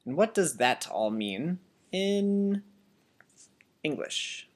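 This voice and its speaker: A teacher giving a Biblical Greek lesson as a voice-over, speaking deliberately and repeating each word so learners can copy it. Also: mid-range voice, big pitch swings. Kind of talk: slow instructional voice-over.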